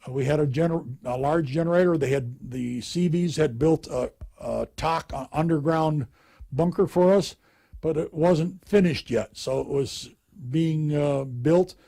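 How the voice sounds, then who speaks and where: Older man, veteran type, husky and mellow, halting delivery. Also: a little high. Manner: halting, with many restarts. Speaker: veteran interviewee. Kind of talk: recounting memories.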